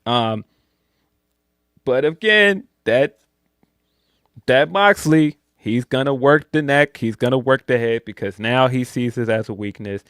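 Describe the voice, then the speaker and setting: A man's voice: mid-range voice, a little slow, pauses often, clean tone, no echo, clean studio sound. A man co-hosting a podcast, chatting casually through a wrestling review and jumping into joking voices. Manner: animated, slips into loud slangy put-on voices for jokes. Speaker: podcast co-host.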